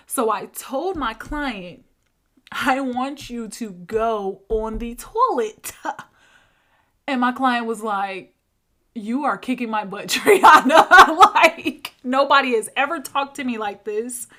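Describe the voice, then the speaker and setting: A woman's voice: on the high side, a bit bright. A woman hosting a podcast as a coach, telling stories in a casual monologue, acting out quoted dialogue and laughing often.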